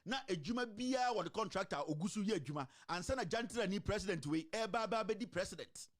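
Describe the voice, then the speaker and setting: A man with a Ghanaian accent delivers animated political commentary in a fairly high voice. He switches between a local language and English and keeps throwing rhetorical questions at his listeners. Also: fast talker. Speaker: online commentator.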